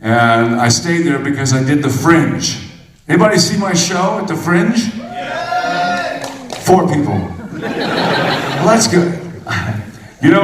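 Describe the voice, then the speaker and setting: A man in his sixties speaking on stage at a fan convention, rambling through casual, jokey anecdotes. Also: medium pitch. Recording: echoey hall recorded from far off.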